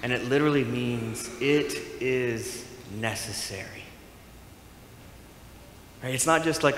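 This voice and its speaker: A man preaching a sermon as pastor, animated and playful, acting out bits of dialogue. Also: medium pitch, measured pace, long pauses, slight background noise. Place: church sanctuary. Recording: echoey hall with faint room ambience.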